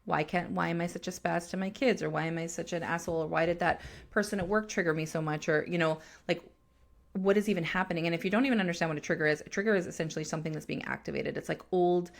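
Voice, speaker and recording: A woman co-hosting a podcast in casual, profane chat. Her voice is gravelly and sits a little low. She talks bluntly, like a coach who swears and laughs as she goes. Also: steady tone, fast. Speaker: podcast co-host.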